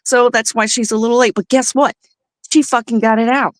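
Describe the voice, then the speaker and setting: A woman's voice: on the high side, steady tone, a little fast, no room sound. A woman co-hosting a talk show, ranting angrily and profanely with heated outbursts. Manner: profane, heated, shouting bursts. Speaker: podcast co-host. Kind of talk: angry ranting commentary.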